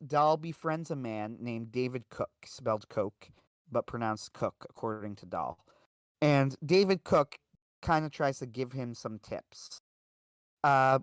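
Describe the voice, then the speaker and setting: On his livestream, a man meanders through a casual story, his speech dotted with "uh" and "like." The voice is medium in pitch, clear, and resonant, recorded cleanly in a studio with no echo.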